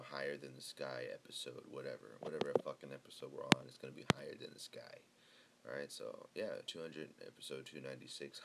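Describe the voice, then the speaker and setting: A man's voice: extremely low pitch, creaky, a little hiss or hum. A young adult man hosting a casual podcast, rambling loosely and swearing freely. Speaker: podcast host.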